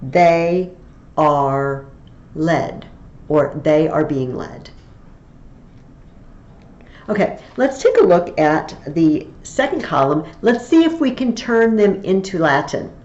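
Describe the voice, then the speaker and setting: Slow, patient woman teaching Latin. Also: fairly low pitch, big pitch swings, darkish tone, echoey room, muffled recording. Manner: patient, slow, step-by-step explaining. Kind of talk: recorded tutorial lesson.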